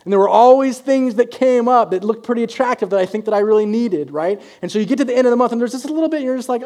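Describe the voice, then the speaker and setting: Conversational pastor, a man with a mellow voice. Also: very high voice, very fast, few pauses. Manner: conversational, acts out quoted voices. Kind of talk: sermon.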